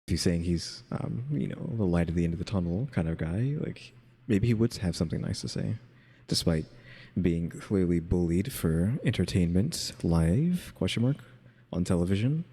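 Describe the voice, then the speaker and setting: A man with a low, gravelly voice muses in casual chat and speaks his punctuation out loud. His tone is dark and husky. His voice trails off in a long reverb. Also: expressive, normal speed. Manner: muses aloud, says "question mark" out loud.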